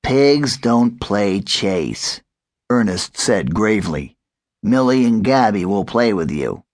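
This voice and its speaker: A man's voice: on the low side, sing-song, unhurried, darkish tone, no echo, studio quality. A man voicing a sensible, serious male pig in a children's audiobook. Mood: grave. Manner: grave, matter-of-fact.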